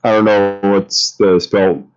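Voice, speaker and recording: Deep-voiced questioning male player. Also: little pitch movement, slow pace, faint music behind. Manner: questioning, planning aloud. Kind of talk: playing a tabletop game. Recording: dull lo-fi audio.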